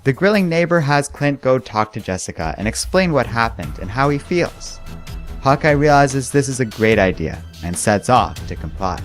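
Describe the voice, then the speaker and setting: A man, host of a comic book channel, narrating a story recap in a measured, scripted way. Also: medium pitch, big pitch swings, soft background music.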